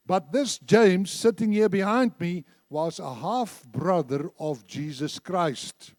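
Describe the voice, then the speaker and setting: A man preaches emphatically in a church, repeating phrases and leading the congregation as they recite scripture. His voice is a little high and a little mellow, with no room sound.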